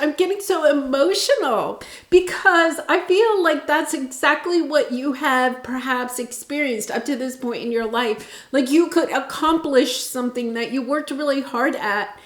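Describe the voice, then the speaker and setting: A woman with a high, light voice gives a tarot reading straight to her viewers. She talks in an earnest, meandering, heartfelt way. The sound carries a roomy echo. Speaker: tarot reader. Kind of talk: intuitive tarot reading to camera.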